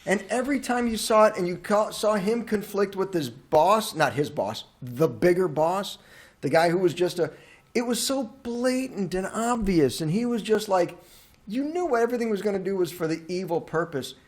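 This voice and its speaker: A man co-hosting a casual movie review podcast, animated and ranting, swearing freely. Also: high-pitched, normal speed. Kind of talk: casual chat.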